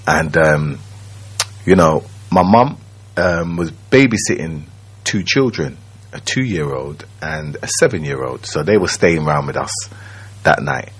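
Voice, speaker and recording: Very deep, husky man. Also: animated, a bit bright. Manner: slow, reflective, keeps checking in with the listener. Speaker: radio show guest. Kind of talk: personal storytelling. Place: radio studio.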